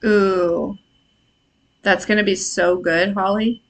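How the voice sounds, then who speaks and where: A woman's voice: mid-range voice, steady tone, slow pace. A woman in her thirties hosting a casual live intuitive reading, chatty and laughing, swearing casually and answering chat comments. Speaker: intuitive reader and live stream host. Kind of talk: casual live-stream tarot-style reading.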